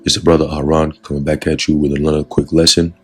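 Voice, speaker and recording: A man giving a casual spoken testimony of a dream as a religious lesson, relaxed and full of fillers. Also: a bass voice, fast, husky. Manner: relaxed storytelling with many fillers. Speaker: religious teacher recounting a dream.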